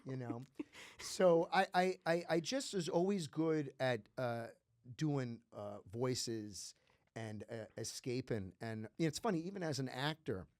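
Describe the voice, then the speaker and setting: A man who grew up around New York, a comedian chatting on a podcast, telling lively stories and slipping into voices. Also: medium pitch, unhurried, dry recording, clean studio sound. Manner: animated storyteller, slips into voices and laughs. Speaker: comedian guest. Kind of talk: casual podcast chat.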